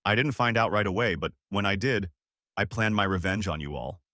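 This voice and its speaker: A bitter, scheming ex-friend spits out his words with sneering spite, as a man acts him out. The voice is low and dry, recorded close with no room sound. It is read as part of a spoken story. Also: fairly quick, bright, forceful tone, no room sound. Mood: spiteful.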